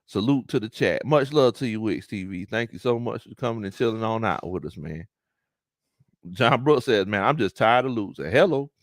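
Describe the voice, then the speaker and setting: Animated Southern man reading fan chat. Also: lowish voice, normal speed, no echo, clean studio sound. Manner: animated, laughs often, repeats phrases. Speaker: sports talk show host reading live chat. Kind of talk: casual livestream chat.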